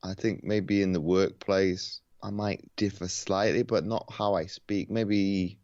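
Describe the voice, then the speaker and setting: Very low-voiced man, dull dry call audio. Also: fairly even intonation, a little mellow, no echo. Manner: laid back, halting with restarts. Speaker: podcast guest, paralympic athlete. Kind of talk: casual interview chat. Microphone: video call.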